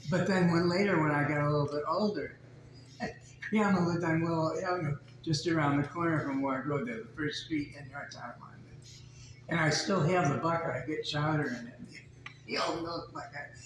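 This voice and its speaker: A man's voice: on the high side, moderate pace. An older man reminiscing about his childhood in a casual group conversation. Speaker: group member. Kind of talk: casual storytelling. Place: community center meeting room. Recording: echoey room, clear background noise.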